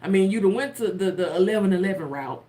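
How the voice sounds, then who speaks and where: A woman telling a spiritual story casually to her viewers, animated and laughing often. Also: mid-range voice, fast talker. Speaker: tarot content creator.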